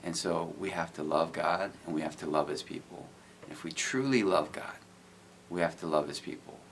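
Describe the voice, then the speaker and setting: A man's voice: low voice, moderate pace, a little hiss or hum. A middle-aged man telling of his faith and street outreach in an earnest, casual way, often saying "you know". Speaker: guest, IT business owner. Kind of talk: casual testimony.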